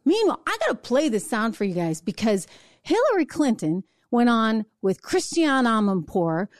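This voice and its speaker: A woman hosting a political talk show, talking in a brisk, sarcastic, conversational way. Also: mid-range voice, darkish tone, no room sound, studio quality. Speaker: political commentary host. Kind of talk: opinionated solo talk show.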